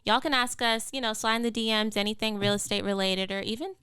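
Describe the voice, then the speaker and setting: Bright, crisp young woman. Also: on the high side, flat delivery, fast, no room sound. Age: young adult. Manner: upbeat, explaining the show to listeners. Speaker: real estate agent and podcast co-host. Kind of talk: casual group podcast chat.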